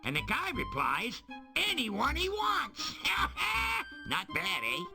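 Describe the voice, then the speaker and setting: A man's voice: very high-pitched, huge pitch swings, slow, gravelly, over music, heavily acted. An actor playing a small, wisecracking male gnome jester in a video game, telling corny jokes with a self-satisfied air. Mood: joking. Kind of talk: voiced video game dialogue.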